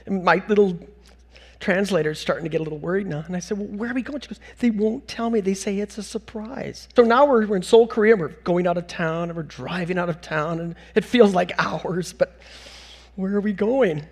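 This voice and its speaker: A middle-aged man from North America speaking as a conference speaker on stage, telling animated, self-mocking anecdotes with bursts of laughter. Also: high voice, brisk. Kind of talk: storytelling keynote talk.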